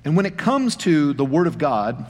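A man's voice: on the high side, very animated, normal speed, a little mellow. Folksy male pastor in a reverberant hall. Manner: folksy storytelling with self-deprecating humor. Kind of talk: anecdotal sermon. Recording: long reverb of a large hall.

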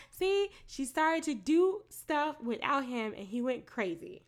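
Female podcast co-host, slightly high voice, animated and profane storyteller for a casual chat. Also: unhurried. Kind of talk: casual chat recapping a TV show.

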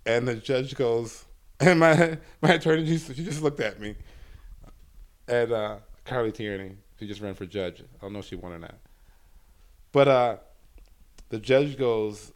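A man, a stand-up comedian telling a long story in a casual interview, swearing often and filling pauses with "uh.". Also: mid-range voice. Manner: profane, rambling storyteller with many fillers.

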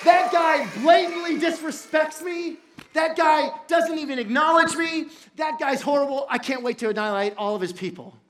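Boastful villain courtier, vents and shouts about his rival, preacher's own voice lightly acted, sermon storytelling. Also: medium pitch, quick pace, few pauses, lightly acted. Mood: boastful, angry. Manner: boastful, venting, rising to shouts.

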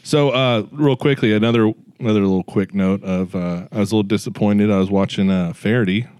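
A man's voice: on the low side, brisk, darkish tone, smooth, dry recording, clean studio sound. A man hosting a podcast in casual banter, folksy and joking about himself. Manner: folksy, joking, self-deprecating. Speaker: podcast host.

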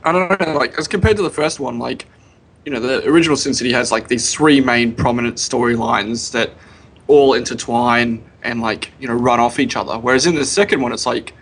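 A man with a husky, slightly breathy voice chats casually about films on a podcast. He hedges a lot, stringing thoughts together with "like" and "you know", at an ordinary middle pitch. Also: brisk, fairly bright tone. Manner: loose, hedging with "like, you know". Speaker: podcast co-host. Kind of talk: casual film review chat.

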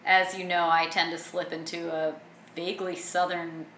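A woman's voice: fairly low pitch, level tone, moderate pace, sharp tone. A young adult woman co-hosting a podcast, chatting casually and animatedly, swearing now and then. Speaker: podcast co-host. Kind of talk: casual chat. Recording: echoey room with faint noise.

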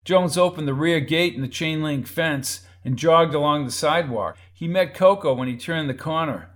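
A man with a somewhat high voice narrates a crime story at a steady, measured pace. For the characters' lines he changes his pitch and loudness, so each one sounds a little different. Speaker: audiobook narrator.

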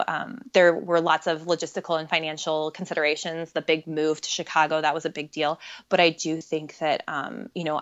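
A woman's voice: lowish voice, highs cut off. A woman in her thirties, a podcast guest, talking candidly and reflectively about her experiences, with frequent fillers. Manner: earnest, reflective, many fillers. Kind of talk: candid personal conversation.

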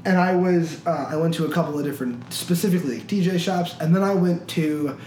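A man's voice: a little high, fairly quick, darkish tone, roomy sound, a little hiss or hum, poor audio. A young man co-hosting a podcast, chatting casually with friends, rambling with lots of restarts and fillers. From United States Midwest. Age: young adult. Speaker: podcast co-host. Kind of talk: casual chat among friends.

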